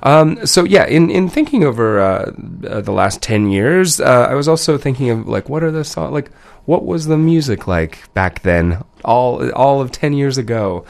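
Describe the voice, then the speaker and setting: A man's voice: medium pitch, expressive, moderate pace, vocal fry, hardly any pauses. A man hosting a radio music show, talking casually between songs with a stuffy, nasal voice from a cold, rambling and correcting himself as he goes. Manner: loose, rambling, self-correcting. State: has a cold.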